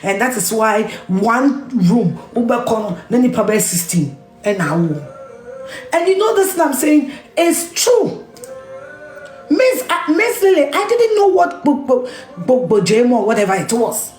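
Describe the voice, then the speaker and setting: Faint music plays behind a Ghanaian-accented woman ranting on camera in a slightly high, sing-song, somewhat mellow voice, a little slow, in a reverberant space. As a media personality, she delivers an impassioned scolding, repeating herself and switching into Twi and Ga.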